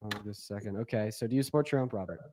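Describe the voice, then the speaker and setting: Fast-talking young streamer man. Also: lowish voice, darkish tone. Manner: fast, filler-heavy, blunt. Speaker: streamer hosting live debates. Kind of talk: casual live-stream debate.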